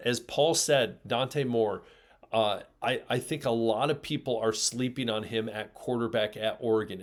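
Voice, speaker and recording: A man from Michigan co-hosts a casual sports talk show. He speaks in an ordinary middle register and makes emphatic points, piling up examples as he talks. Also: medium pitch. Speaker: sports podcast co-host.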